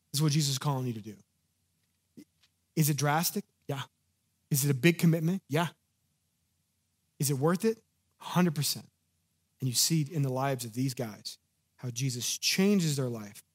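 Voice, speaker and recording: A man preaching a sermon in an animated, conversational way, acting out the lines of the people in his story. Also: mid-range voice, breathy edge. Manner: animated, conversational, acts out quotes. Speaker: pastor.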